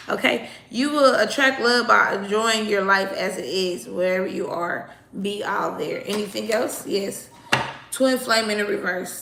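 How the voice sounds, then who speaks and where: A woman's voice: medium pitch, vocal fry, pushed and bright, reverberant, a little hiss or hum. A woman doing a casual tarot reading, talking bluntly and chattily straight to her viewers, sometimes swearing. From United States. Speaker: tarot reader.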